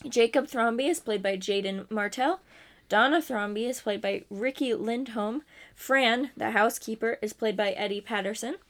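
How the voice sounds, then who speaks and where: A young woman co-hosting a casual podcast, chatty and giggly, often stumbling over names. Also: a little high. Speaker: podcast co-host. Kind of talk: casual chat.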